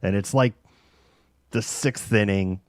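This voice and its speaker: A middle-aged man hosting a casual talk show, telling a long anecdote in an animated way, laughing between phrases and using many fillers. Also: fairly low pitch, slow pace, no room sound, studio quality. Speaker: host. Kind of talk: casual chat, anecdotal storytelling.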